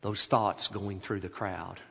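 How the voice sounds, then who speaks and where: A man preaching a sermon who tells a story dramatically, swinging between loud and hushed, in a large church hall. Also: low voice, steady tone, slow, gravelly, breathy edge. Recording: echoey hall.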